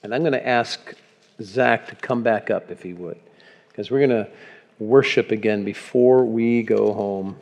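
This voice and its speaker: A man preaching a sermon as pastor in a church, earnest and emphatic, slowing down to read scripture. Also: fairly low pitch, vocal fry, dull audio. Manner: earnest, builds to emphatic peaks, slows on scripture. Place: church sanctuary. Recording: reverberant hall with soft guitar.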